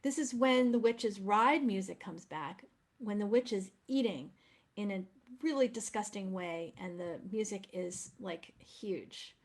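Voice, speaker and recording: A woman's voice: medium pitch, unhurried. A woman presenting opera program notes in an effusive, enthusiastic manner.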